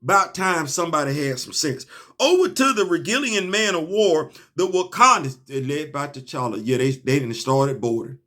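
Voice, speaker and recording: A young man, excitedly reviewing a comic in a casual, slangy monologue, laughing and stumbling over restarts. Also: fairly high pitch, normal speed.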